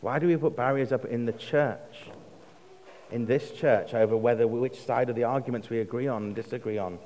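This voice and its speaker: A man's voice: mid-range voice, slight background noise. English man preaching in a reverberant church. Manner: measured, slows for emphasis, drops to a hush on quotes. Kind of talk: sermon. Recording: long reverb of a church hall.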